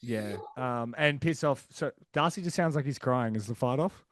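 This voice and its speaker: A man's voice: medium pitch, normal speed, slight background noise. A young man hosting a casual interview, bantering with a lot of filler words. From Australia. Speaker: podcast host.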